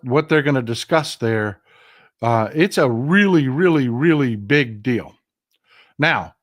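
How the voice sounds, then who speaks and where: A middle-aged man with a Texan accent, hosting a casual political livestream in an animated, folksy way, swearing freely into a desk microphone. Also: mid-range voice. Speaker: livestream host.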